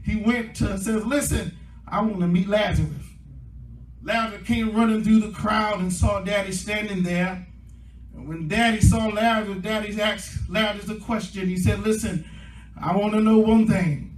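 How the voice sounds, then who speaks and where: A male pastor preaching a sermon, his delivery swelling into impassioned shouting as the congregation answers him. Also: high-pitched, steady tone, moderate pace, a little hiss or hum. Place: church sanctuary. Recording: echoey church room from a distance with faint music.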